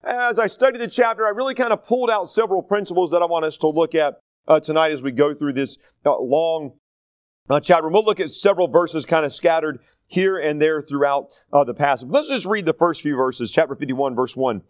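A man's voice: fairly high pitch, brisk, no echo. A man from North Carolina, teaching a Bible study in a conversational, digressive style full of stories. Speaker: pastor.

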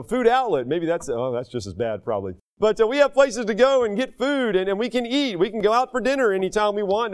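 A middle-aged American man preaching a sermon in a folksy, animated way, raising his voice for quoted speech. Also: sits high. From United States.

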